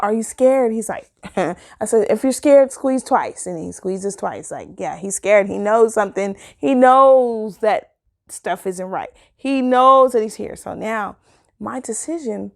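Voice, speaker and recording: A woman telling a personal story in a casual vlog, acting out what people said with big jumps in her voice and frequent laughter. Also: creaky. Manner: animated, acts out quotes with big pitch jumps, laughs often.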